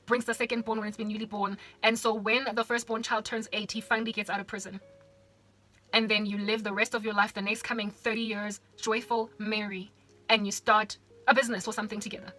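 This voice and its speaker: Christian vlogger from South Africa, a woman with a high, bright voice; animated casual preaching over soft music. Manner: animated, addresses the listener directly with rhetorical questions.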